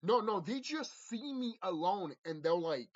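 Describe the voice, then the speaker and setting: A man's voice: sits high, animated, measured pace. A man talks straight to his viewers in an intense, profane spiritual monologue, often repeating himself and restarting his sentences. His voice leaps up and down as he speaks. The recording is muffled and lo-fi. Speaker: vlogger. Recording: dull lo-fi audio.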